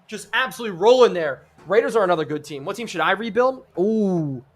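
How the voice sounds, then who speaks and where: A man's voice: high-pitched, brisk. A young man streaming a football video game live, commenting on the plays and reading chat aloud. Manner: excitable, reads chat aloud.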